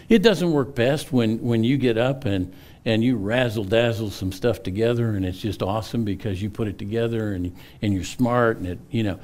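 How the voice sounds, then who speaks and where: A man's voice: fairly low pitch, a little mellow. A middle-aged male pastor preaching a sermon, earnest, often repeating words and rising for emphasis.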